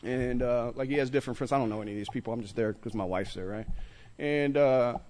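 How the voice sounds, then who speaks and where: A man's voice: mid-range voice, fast, a little mellow, slight background noise. A man sharing his recovery story at a meeting, telling it with street slang and laughter. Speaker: recovery speaker. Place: meeting room with audience.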